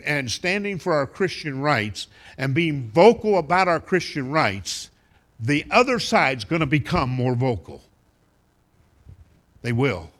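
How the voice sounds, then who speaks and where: Animated male preacher. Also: a little high. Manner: animated preaching, acts out quoted voices. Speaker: pastor. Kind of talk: sermon.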